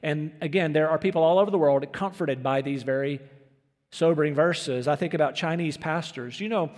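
A male pastor with a high voice delivers an earnest, emphatic sermon peppered with rhetorical questions, in a reverberant hall.

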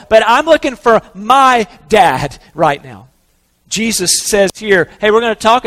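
A man preaching a sermon in an earnest, conversational way, slowing down to stress key words. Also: high voice, a bit bright, long reverb tail. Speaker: pastor.

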